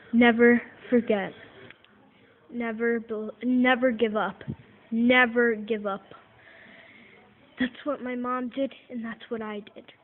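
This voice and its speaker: A woman narrating a home-made toy story in the first person, in an earnest, heartfelt way. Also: fairly high pitch. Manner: earnest, slow, heartfelt telling. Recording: tinny phone-like recording, faint hiss.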